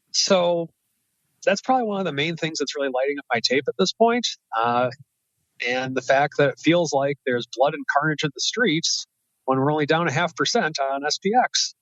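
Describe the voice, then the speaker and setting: A man's voice: mid-range voice, fairly bright tone, no echo. Co-host: man, hesitant delivery, dull dry lo-fi recording. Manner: hesitant, many fillers and restarts. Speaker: podcast co-host. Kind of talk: casual market talk.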